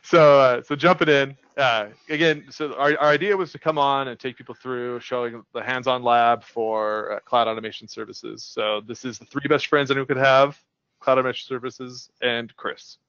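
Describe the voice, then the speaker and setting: A man's voice: mid-range voice, fairly even intonation, normal speed, a bit bright, clear, resonant tone, no room sound. A playful man presents on a tech panel and keeps tossing in jokes. The sound is dry, muffled and lo-fi. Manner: joking, playful. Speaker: tech marketing guest. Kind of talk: casual panel chat and presenting.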